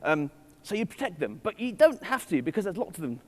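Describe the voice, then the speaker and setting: Here a witty man gives a keynote in a conference hall, wandering off on tangents and poking fun at himself. He speaks fairly quickly in a high-pitched, very animated voice, with reverb from the hall around him.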